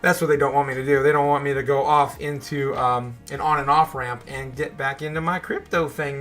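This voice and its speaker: A man's voice: a little high, a little fast, music in the background. A man hosting a crypto show, talking in a frustrated, rambling rant full of swearing. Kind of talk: casual livestream rant.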